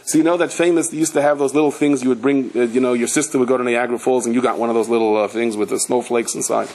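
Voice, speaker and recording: A man giving a Torah class as a rabbi, telling parables with animated delivery and acting out the people in his stories. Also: medium pitch, racing, low-quality recording. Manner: animated storyteller, slips into character voices and Hebrew and Yiddish terms.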